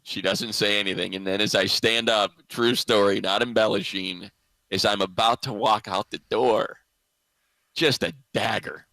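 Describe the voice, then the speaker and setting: A man's voice: fairly low pitch, fairly even intonation, normal speed, gravelly, pushed and bright, no echo, low-quality recording. A man hosting a sports radio show, telling a story in casual chat and laughing often. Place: radio studio.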